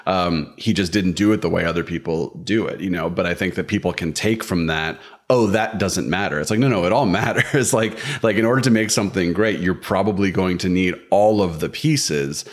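Deep voiced guy cohosting a podcast, jokey, lots of you knows. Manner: joking, quick asides with laughs. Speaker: podcast co-host. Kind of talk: casual chat about screenwriting.

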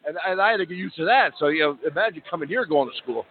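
A man's voice: on the high side, racing. A man in his fifties with a Philadelphia accent, chatting as a radio guest and acting out voices as he tells stories. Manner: animated storyteller, acts out voices. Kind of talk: casual chat. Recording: tinny phone-like line.

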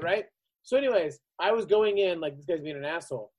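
A man's voice: sits high, expressive, brisk, a little mellow, poor audio. A man telling a profane road story in casual podcast chat, acting out the people he quotes. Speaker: podcast guest.

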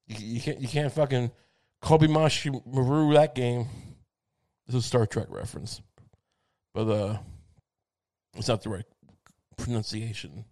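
A man in the middle of a comedic monologue, cursing freely and circling back on himself with stammered restarts. His voice sits at an ordinary, middling pitch for a man. The tone stays sardonic and loose rather than polished. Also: fairly even intonation, a little slow, pauses often, dark tone. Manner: profane, rambling, sardonic rant with many restarts.

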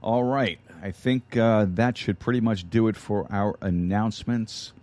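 A man's voice: fairly low pitch, fairly even intonation, unhurried, darkish tone. A man hosting a podcast, giving casual announcements in a rambling way full of fillers and restarts. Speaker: podcast host.

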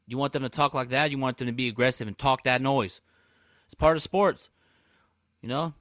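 A man hosting a casual live-stream podcast, talking trash with brash, animated energy and frequent laughs. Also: mid-range voice, fairly quick, dry recording, clean studio sound. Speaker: podcast host.

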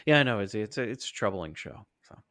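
Man, podcast guest, casual banter, bright tone, dry close sound. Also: lowish voice, fast talker, no echo. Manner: animated, joking, swears freely.

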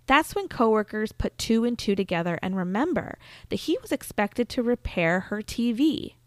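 A woman's voice: mid-range voice, no room sound. A woman hosting a podcast, telling a true-crime story in a chatty, casual way with frequent fillers. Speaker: podcast host.

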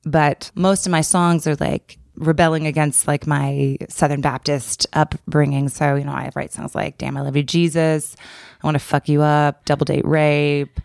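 Woman co-host with a low gravelly voice, dry studio sound, deadpan self-mocking delivery. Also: moderate pace, dry recording. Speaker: podcast co-host. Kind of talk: casual comedic chat.

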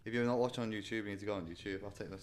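Fast-talking, deep-voiced guy. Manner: joking, laid-back, swears casually. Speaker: podcast co-host. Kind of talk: casual chat.

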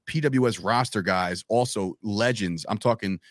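Lively storytelling man, low and dry. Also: normal speed, no room sound. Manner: animated, acts out quoted lines, says "bro" and "man". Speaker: podcast guest, wrestler. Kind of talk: casual storytelling chat.

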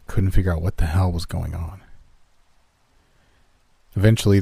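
Deep guy reading a scary story, calm and steady, dry close sound. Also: gravelly, breathy edge, dry recording. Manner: calm storytelling, lifts pitch for quoted characters. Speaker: horror story narrator. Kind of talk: scripted horror narration.

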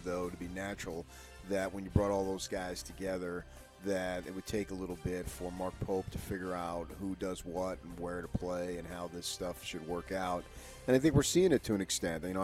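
Deep-voiced male sports radio co-host. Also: a little mellow. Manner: opinionated, rambling. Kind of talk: casual sports talk.

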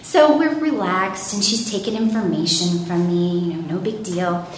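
A woman telling a personal story in a lively way, acting out panicked quotes. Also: on the low side, moderate pace. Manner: animated, acts out panicked quotes. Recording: very echoey room, faint noise.

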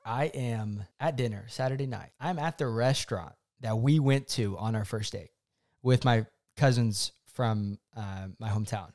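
A man's voice: mid-range voice, normal speed. A young man, co-host of a chat, telling a personal story casually and acting out what he said back then. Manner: animated, acts out his own past quotes.

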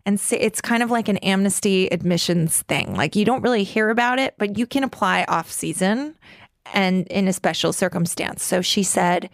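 A woman in her forties from New York, telling a personal story as a guest with blunt, profane candor and quick run-on bursts full of "like". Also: mid-range voice, no room sound, studio quality. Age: 40s. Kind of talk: candid personal storytelling in conversation.

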